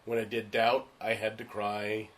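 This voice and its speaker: Animated man telling actor stories. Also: lowish voice, unhurried. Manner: animated, acts out the voices of people in his stories; frank and emphatic. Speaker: stage and screen actor. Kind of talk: casual storytelling chat.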